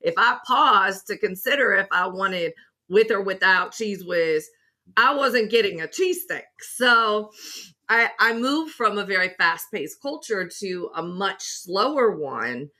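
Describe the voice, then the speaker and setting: A woman's voice: medium pitch, lively intonation, unhurried, pushed and bright. A woman co-hosting a podcast conversation, talking emphatically and telling stories with animation. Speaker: podcast co-host. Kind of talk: casual conversation.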